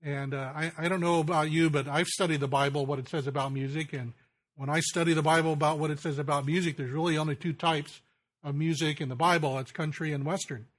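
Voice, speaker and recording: A man preaching a sermon in a folksy way, slowing down to stress key lines. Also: a little high, steady tone, fairly bright tone. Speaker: pastor.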